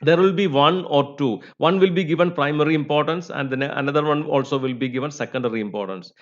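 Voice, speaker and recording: A man's voice: on the high side, quick pace. A man teaching English phonetics, with many "you know" and "uh" fillers. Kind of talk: lecture. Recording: slightly dull recording.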